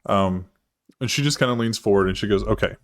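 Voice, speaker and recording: Casting: male game master, low-pitched, easygoing rambling narration of a live role-play stream. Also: a little fast. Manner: loose, rambling, laughing narration.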